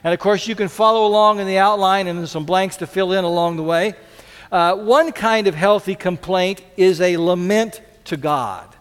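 A man preaching a sermon as a pastor, earnest, repeating key lines for emphasis and dropping to soft pleas. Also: high voice, moderate pace, clean tone, in a large hall.

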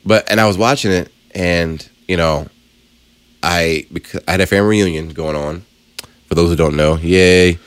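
Deep-voiced, animated male podcaster. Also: normal speed, clear, resonant tone, no room sound. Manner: excited, animated storytelling. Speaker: podcast co-host. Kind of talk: casual chat.

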